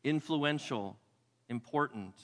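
Male pastor, sermon, emphatic repetitions, sudden hushed lows, reverberant church hall. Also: slow pace. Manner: emphatic preaching, repeats key phrases, drops to a low hush for weight. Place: church sanctuary.

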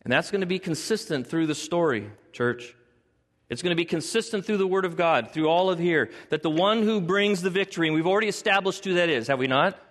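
A male pastor with a high-pitched, slightly bright voice preaches a sermon at a fairly quick pace in a church sanctuary. He acts out biblical figures' voices with dramatic shifts, and the recording carries a large hall's long reverb.

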